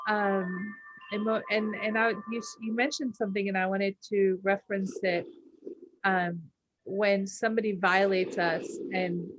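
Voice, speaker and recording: A woman's voice: medium pitch, dull audio, a little hiss or hum. Earnest woman coaching on a podcast. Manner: earnest, animated, acts out quotes with laughs. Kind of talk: motivational talk.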